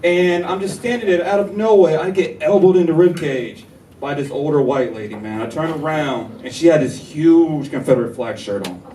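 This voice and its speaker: A young man from North Carolina, performing a stand-up comedy set with animated storytelling and banter with the audience. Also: fairly high pitch, normal speed, background noise. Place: comedy club stage. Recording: echoey club taped from far. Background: laughing live audience.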